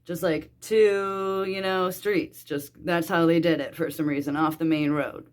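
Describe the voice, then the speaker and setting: A woman's voice: lowish voice, fairly even intonation, a little slow, a little mellow. A young woman telling a personal story in a rambling, casual way, full of fillers and swearing. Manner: swearing, rambling, lots of "like" and "dude". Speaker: vlogger.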